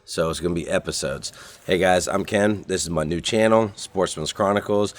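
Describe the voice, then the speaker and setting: A man, casually vlogging to camera at a forest campground in a relaxed, folksy way. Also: low-pitched, normal speed. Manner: relaxed and folksy, addresses viewers as y'all. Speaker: outdoor vlogger. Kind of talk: casual vlog talk to camera.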